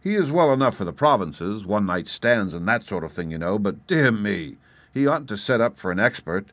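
Male first-person audiobook narrator, low voice, wry and expressive, dry studio sound. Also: normal speed, dry recording. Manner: expressive, wry, animated in dialogue.

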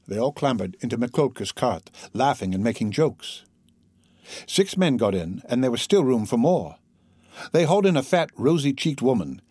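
A man narrating an audiobook in an expressive storytelling manner. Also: medium pitch, normal speed, slightly rough, no room sound, clean studio sound.

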